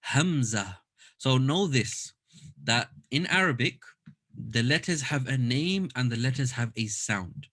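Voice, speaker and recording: A man's voice: mid-range voice, expressive, a little slow, fairly bright tone. A man teaching a Quran recitation class online, explaining step by step and demonstrating sounds aloud over a computer mic.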